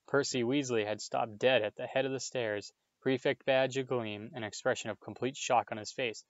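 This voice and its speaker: Reading a children's novel aloud, a man narrates in a lowish voice with fairly even intonation and normal pacing. The storytelling is plain with small restarts, lifting for dialogue. There's no echo, though the sound is dull.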